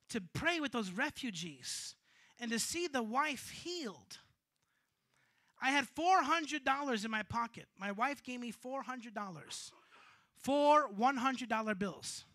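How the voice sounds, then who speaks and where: A man preaching a sermon, telling a story with animated, sometimes shouted delivery. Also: extremely high pitch, takes it slowly. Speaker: bishop preaching.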